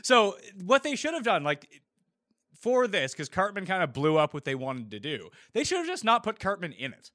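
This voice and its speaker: Man, podcast host, bright tone, animated pitch, blunt opinions, casual debate. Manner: blunt, opinionated, quick to dismiss shows.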